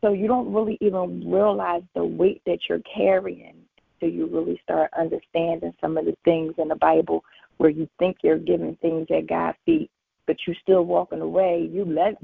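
Gravelly, husky woman on a phone line. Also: lowish voice, no room sound. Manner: animated storytelling, acting out conversations. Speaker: featured guest. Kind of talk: faith testimony on a call-in show.

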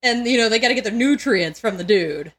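A woman's voice: a little high, lively intonation, a little fast, a bit bright, husky. Joking, crude woman podcast co-host. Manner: crude, joking, laughs often, stumbles over words. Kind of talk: casual podcast chat.

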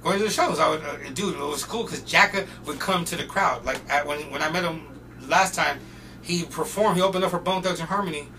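Laughing and swearing, a man from North Portland, USA, spins casual stories as a podcast guest, performing the voices of the people he quotes. His voice is a little high and his pace brisk, recorded on a distant mic with steady background noise.

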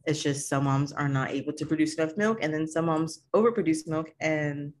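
Woman co-host with a very low voice, frank and rambling. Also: brisk, a little hiss or hum. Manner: rambling, many fillers and restarts, frank. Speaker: podcast co-host. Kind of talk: casual chat.

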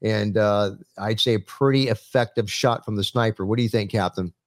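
A man's voice: fairly low pitch, fairly even intonation, dry recording, clean studio sound. A man hosting a panel chat, who reads out news stories with many fillers and restarts. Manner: halting, lots of fillers. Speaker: podcast host.

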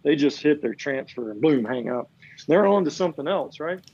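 A man's voice: fairly high pitch, expressive, moderate pace, vocal fry, darkish tone, breathy edge, lo-fi sound. A man in casual chat, ranting with plenty of profanity and acting out the people he quotes.

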